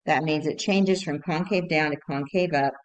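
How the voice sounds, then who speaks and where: Woman, low-pitched math teacher, patient recorded lesson, explains step by step. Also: normal speed, highs cut off. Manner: patient, repetitive, thinks aloud with fillers.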